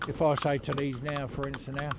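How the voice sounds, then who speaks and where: A horse trainer talking casually outdoors while driving a pony cart, rambling and chatty with lots of "you know". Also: male voice, medium pitch, level tone, fairly quick. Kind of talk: casual spoken instruction while driving ponies. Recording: loud hoof clatter and outdoor noise.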